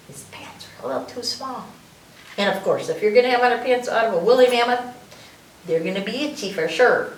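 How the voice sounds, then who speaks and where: A woman's voice: a little high, moderate pace, slight background noise. A woman reading a picture book aloud at a library story time, playful and sing-song. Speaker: children's librarian. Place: library room. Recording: roomy echo, mic far off.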